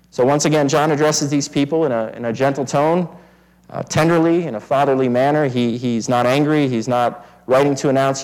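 A man's voice: medium pitch, steady tone, brisk, a little mellow, rough recording. A man preaching an expository sermon in an earnest way, often repeating words as he restarts phrases. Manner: earnest, frequent word repetitions and restarts. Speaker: pastor.

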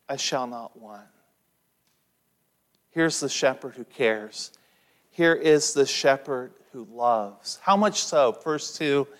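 A middle-aged man from Ohio preaching a sermon, slow and emphatic, with frequent "uh" fillers. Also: medium pitch, lively intonation. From eastern Ohio, USA. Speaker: pastor.

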